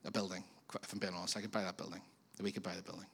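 A man's voice: sits low, very fast, husky. Male pastor preaching in an echoing hall. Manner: conversational, animated preaching with asides to the congregation. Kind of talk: sermon. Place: church auditorium. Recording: long reverb of a church hall.

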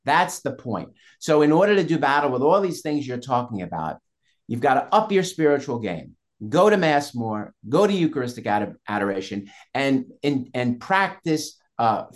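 A man speaks earnestly as a guest in a faith interview, his voice sitting at an ordinary pitch. He builds his points with insistent repetition. His delivery is steady and emphatic. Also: normal speed. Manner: earnest, emphatic, repeats phrases for force. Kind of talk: interview talk on Catholic faith.

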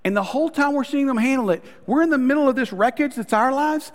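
A male pastor preaching a story-driven sermon, calling the congregation "guys" and dropping to soft, intimate tones. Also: extremely high pitch, quick pace, in a large hall.

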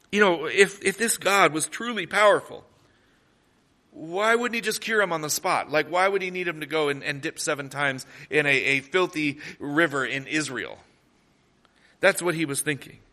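A man preaching a sermon, retelling stories in an animated, conversational way with frequent restarts. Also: on the high side, measured pace, long pauses. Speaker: pastor.

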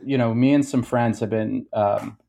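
A man's voice: medium pitch, steady tone, normal speed, gravelly, warm tone. Chatty man with a South Jersey accent. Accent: South Jersey / Philadelphia. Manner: chatty, rambling, many fillers. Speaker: guest musician. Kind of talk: casual podcast chat.

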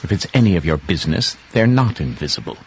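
An actor playing a volatile, arrogant invisible man in an old-time radio drama, sneering and then shouting threats. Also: sits low, big pitch swings, quick pace, a little hiss or hum. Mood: contemptuous. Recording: dull lo-fi radio recording.

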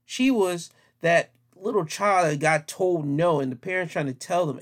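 A man's voice: fairly high pitch, a little slow, few pauses. A man giving opinion commentary in a vlog, talking in an emphatic, plainspoken and repetitive way.

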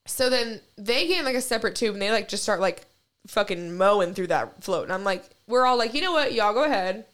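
A woman's voice: mid-range voice, brisk, fairly bright tone. A young woman on a podcast telling a long story in casual chat, rambling and profane, with constant "like". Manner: rambling, heavy use of "like", profane. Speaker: podcast co-host.

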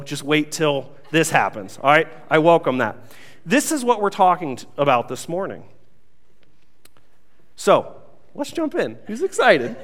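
A young man preaching a sermon, telling a funny self-mocking story in a lively way before reading scripture. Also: a little high, in a large hall. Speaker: pastor.

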